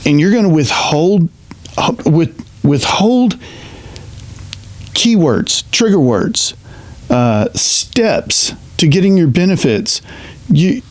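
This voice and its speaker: A middle-aged man, a retired veterans' representative, speaking earnestly in a halting personal monologue full of restarts. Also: on the high side, sing-song, no room sound. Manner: earnest, halting storyteller with many restarts and fillers.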